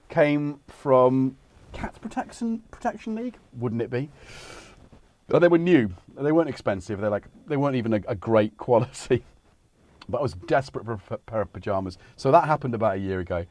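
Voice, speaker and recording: A man's voice: medium pitch, darkish tone, no room sound. A middle-aged man hosting a livestream, rambling in casual chat and breaking off mid-sentence. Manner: chatty, meandering, self-interrupting. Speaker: livestream host. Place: home studio.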